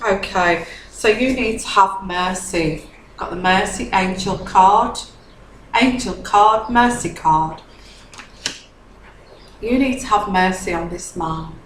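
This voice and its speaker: A woman's voice: mid-range voice, slow pace, a bit bright. A woman doing a casual tarot reading. She repeats her phrases, keeps asking "okay?" and sounds a little tipsy. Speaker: tarot reader. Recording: echoey room with faint background hum.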